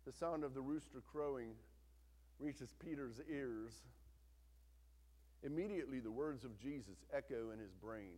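A man preaching a sermon, swinging between loud, intense retelling and hushed, quiet emphasis. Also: mid-range voice, a little slow, pauses often. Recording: long hall reverb.

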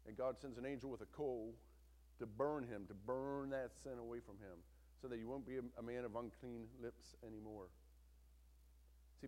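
A man preaching a sermon, swinging between loud, intense retelling and hushed, quiet emphasis. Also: mid-range voice. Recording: long hall reverb.

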